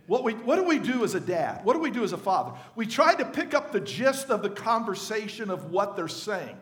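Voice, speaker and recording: A man's voice: high-pitched, sing-song, brisk, hardly any pauses, fairly bright tone, echoey room. A male pastor giving a conversational sermon to his congregation, often asking them questions. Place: church sanctuary.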